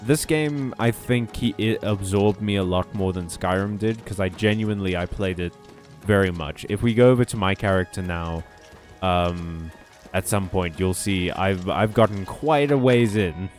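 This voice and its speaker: A man's voice: low voice, moderate pace, a little mellow. A man casually commenting on his gameplay, chatty and jokey, laughing often and swearing now and then. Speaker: game streamer. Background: faint game music.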